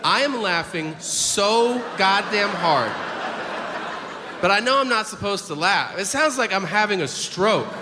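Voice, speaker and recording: A man's voice: high voice, measured pace. A man performing a stand-up comedy set, telling profane stories and acting out the people in them. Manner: animated storytelling, acts out voices, profane. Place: comedy venue stage. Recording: live club mic, hall reverb, audience noise.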